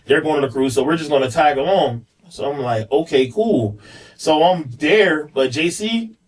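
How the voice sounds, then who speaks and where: A man's voice: on the high side, expressive, normal speed, husky, far from the mic, low-quality recording. A man on a podcast, candidly telling a personal story in a rambling way, full of fillers and repeats. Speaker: podcast guest, police officer.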